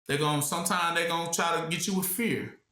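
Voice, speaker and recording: A man preaching to a small group with a high, bright voice that rings around an echoey room. He keeps asking questions and leaves the gap for the listeners to fill in, talking loose and conversational rather than polished. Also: fast. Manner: rhetorical questions, congregation fills the blank; casual, colloquial speech. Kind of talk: call-and-response teaching.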